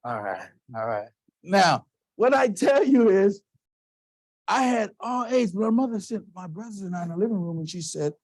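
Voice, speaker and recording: A man from Texas giving a motivational keynote, telling stories in an emphatic, animated way. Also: sits high, moderate pace. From Texas, USA. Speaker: keynote speaker. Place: conference hall stage.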